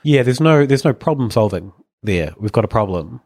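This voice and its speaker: A man's voice: on the low side, expressive, moderate pace, darkish tone, slightly rough, dry recording, studio quality. A man co-hosting a podcast, reacting in a chatty way with questions and jokey asides. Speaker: podcast co-host. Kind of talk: casual conversational podcast.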